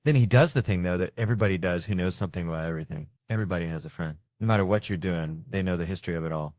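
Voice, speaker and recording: Male stand-up comic, low voice, dry close mic, animated storyteller. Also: racing, dry recording. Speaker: stand-up comedian. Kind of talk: stand-up comedy. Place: comedy stage. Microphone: handheld stage microphone.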